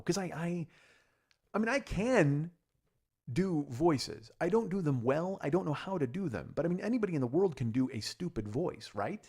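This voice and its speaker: A man's voice: on the high side, sing-song, brisk, a little mellow, breathy edge. A man in his forties hosting a comedy podcast, talking in a rambling, profane, self-deprecating monologue full of restarts. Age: 40s. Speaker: podcast host.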